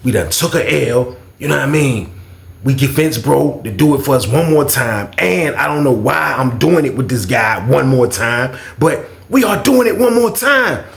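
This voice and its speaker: A man's voice: mid-range voice, normal speed, vocal fry, roomy sound. A man casually retelling a prison story in slangy speech, acting out the other people's voices as he goes.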